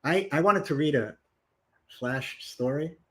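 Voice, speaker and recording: A man author on a panel, hesitant at first, then reading a short story aloud in a measured way over a video call. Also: a little high.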